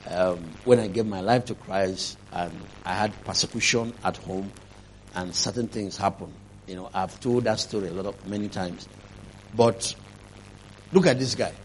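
A man preaching a sermon, telling a testimony, swinging from quiet telling to loud, emphatic preaching. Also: moderate pace, slight background noise. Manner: rising to loud emphatic preaching, then dropping low.

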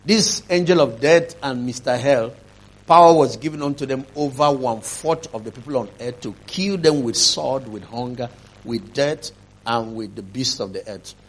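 A man preaching a sermon, telling a testimony, swinging from quiet telling to loud, emphatic preaching. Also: moderate pace. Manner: rising to loud emphatic preaching, then dropping low.

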